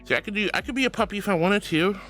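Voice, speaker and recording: A woman's voice: medium pitch, very fast, a bit bright. A young woman streamer chatting playfully with her viewers, giggling often, with faint music behind her. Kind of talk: casual live-stream chat.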